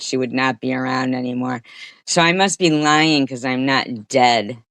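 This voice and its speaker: Slow, indignant woman livestreamer. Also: very deep voice, steady tone, fairly bright tone, dry recording. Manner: indignant, profane, rambling. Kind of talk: commentary livestream.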